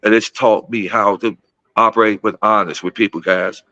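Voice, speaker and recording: A man in his fifties from Gary, Indiana, speaks in a low, bright, forceful voice. He tells a personal story casually and keeps calling his listeners guys. The sound is dry and a little dull, with little room around it. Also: steady tone, moderate pace, no room sound. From Gary, Indiana, USA. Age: 50s. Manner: repetitive, addresses listeners as guys, emotional storytelling. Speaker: guest speaker.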